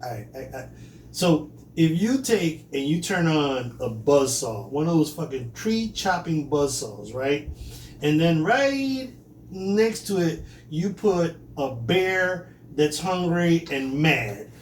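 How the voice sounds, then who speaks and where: A man's voice: a little high, slow pace. A man co-hosting a casual chat, telling stories with lots of laughter and swearing. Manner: animated storyteller, laughs often, swears freely. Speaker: podcast co-host. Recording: echoey room, distant mic, faint noise.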